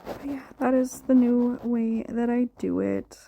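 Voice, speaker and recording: A woman's voice: fairly high pitch, a little slow, vocal fry, no echo, phone-quality sound. A tired young woman chatting casually about dyeing her hair, rambling and unsure with lots of filler words. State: tired, yawning. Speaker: hair dye vlogger. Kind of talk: casual voice-over chat.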